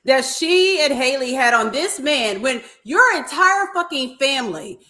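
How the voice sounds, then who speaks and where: Woman, co-host, casual chat, blunt and profane, bright swingy pitch. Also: animated, unhurried. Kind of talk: casual reality TV recap chat.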